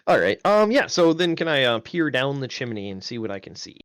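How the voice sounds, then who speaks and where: A man's voice: medium pitch, big pitch swings, brisk, a bit bright, clear, resonant tone, dry recording, clean studio sound. A man playing a tabletop game on a live stream, thinking aloud with many questions and ums. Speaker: player.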